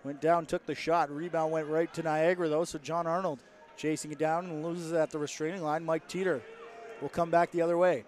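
Energetic male play-by-play caller. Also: on the high side, slight background noise. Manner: rapid play-by-play, rising with the action. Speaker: play-by-play commentator. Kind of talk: sports commentary.

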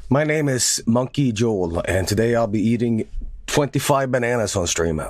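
A man voicing a goofy monkey version of himself in a slow, dopey, lowered voice. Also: expressive, no echo, studio quality, close to an everyday voice. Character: goofy male monkey streamer.

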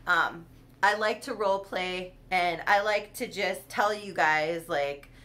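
A woman's voice: fairly low pitch, takes it slowly, sharp tone. A woman chatting casually on her own vlog, rambling and giggling as she goes. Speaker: doll collector hosting her channel.

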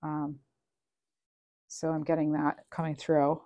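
Woman, tarot reader, casual channeled reading, lower voice, meandering, hesitant ums. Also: monotone, slow pace, mellow. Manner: chatty and meandering, with frequent ums; reads card messages aloud.

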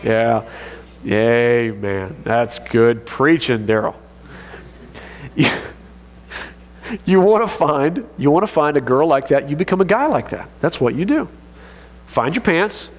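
Pastor, male, higher-pitched voice, lively joking sermon delivery, long hall reverb. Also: slow, long pauses. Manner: animated, joking, conversational.

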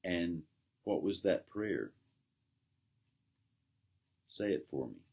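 A man's voice: low-pitched, big pitch swings, extremely slow, gravelly, darkish tone, breathy edge, heavily acted. A man voicing a tender, devout noblewoman in a read-aloud story. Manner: tender, questioning.

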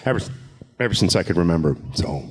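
A jokey New man talking on a convention stage, his voice sitting low and easy. He is a voice actor chatting with fans, quick with a gag and ready to slip into a voice. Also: animated, breathy edge. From New Jersey. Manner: jokey, slips into character voices. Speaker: voice actor panel guest.

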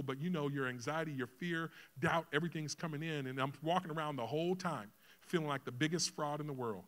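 A middle-aged man preaching a sermon, telling a personal story with acted-out dialogue, dropping to a hush and rising loud. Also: fairly high pitch, fast, few pauses. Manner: emotional storytelling, acts out dialogue, swings from hushed to loud. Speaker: pastor. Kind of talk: sermon testimony.

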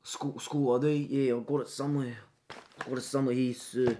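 Comedy sketch: man voicing a shy Aussie schoolboy, low, quiet, hesitant, lots of ums. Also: flat delivery, fairly quick, slight background noise, lightly acted. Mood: timid. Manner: quiet, hesitant, mumbling with ums, polite "sir". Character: shy, timid 13-year-old boy student.

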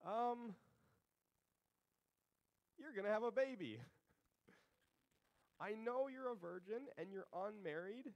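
A man putting on a breezy high-pitched angel. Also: lively intonation, slow, creaky, long pauses, exaggerated voice, poor audio. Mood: chummy. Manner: overly casual, chummy. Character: breezy, casual angel messenger, chatty and upbeat.

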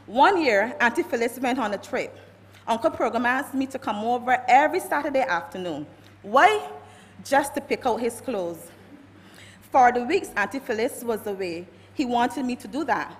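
Barbadian woman reading a eulogy in a church. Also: fairly high pitch. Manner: reads from notes, warm storytelling with quoted anecdotes. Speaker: family member giving a eulogy. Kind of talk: reading a eulogy at a funeral service. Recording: long church reverb.

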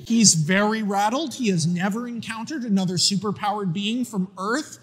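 Excitable high-voiced man pitching a story. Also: normal speed, hardly any pauses, husky, in a large hall. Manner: excitable, profane, animated. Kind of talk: casual spoken story pitch.

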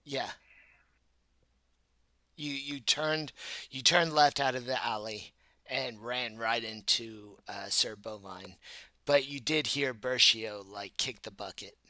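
A man narrating as game master of a tabletop game, halting and full of restarts. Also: medium pitch, pushed and bright, no echo. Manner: halting, many fillers and restarts.

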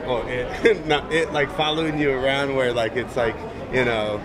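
A man's voice: mid-range voice, fairly even intonation, moderate pace. A man interviewing casually, rambling and searching for words as he asks his question. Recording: loud crowd in the background.

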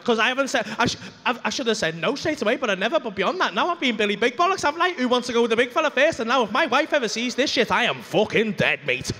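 A man telling a stand-up comedy story on a club stage, animated and full of swearing, acting out the dialogue. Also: extremely high pitch, fast, few pauses, slight background noise.

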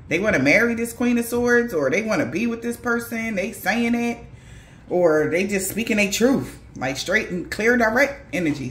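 A woman's voice: medium pitch, fairly bright tone, a little hiss or hum. Blunt, profane woman reading tarot. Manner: blunt, slangy and profane, with laughing asides. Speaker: tarot reader. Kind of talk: casual tarot reading to viewers. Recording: echoey room.

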